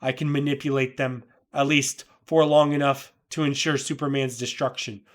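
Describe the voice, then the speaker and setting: A man's voice: medium pitch, little pitch movement, moderate pace, lightly acted. Cold male robot overlord, formal and menacing, read out by a man doing the comic's voices. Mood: coldly calculating.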